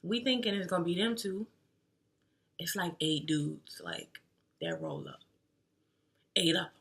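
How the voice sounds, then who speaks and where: A woman's voice: on the low side, lively intonation, unhurried, fairly bright tone. A young woman telling a story in a casual, slangy, chatty way to her vlog audience. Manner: slangy and chatty, with lots of fillers like "like". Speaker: vlogger.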